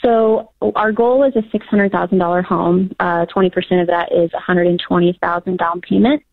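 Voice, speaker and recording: A woman's voice: lowish voice, fairly even intonation, normal speed, no echo. A woman calling in to a radio show, nervous, giggly and eager as she explains her question. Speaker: caller. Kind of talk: call-in radio conversation. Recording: phone-line caller audio.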